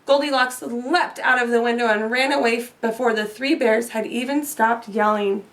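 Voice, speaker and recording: A woman reading a children's storybook aloud, expressive and slowing down for emphasis. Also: on the high side. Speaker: storybook reader. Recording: voice a bit far from the mic.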